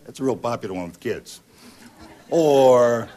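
A male pastor giving a sermon in a conversational way, often pausing with ums and uhs. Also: lowish voice, a little mellow.

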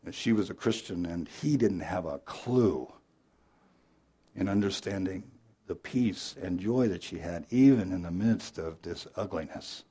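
A male pastor preaching an Easter sermon, telling a story dramatically and moving between loud emphasis and hushed, earnest appeals. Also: sits low, a little slow, husky.

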